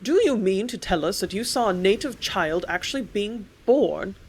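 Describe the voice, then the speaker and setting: A man's voice: high voice, animated, normal speed, breathy edge, heavily acted. A woman reads the part of a pompous, stuffy professor from an old storybook. He talks down to a little girl in a prim, superior way and sounds shocked by her tales. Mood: condescending. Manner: horrified, condescending. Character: pompous, condescending male professor.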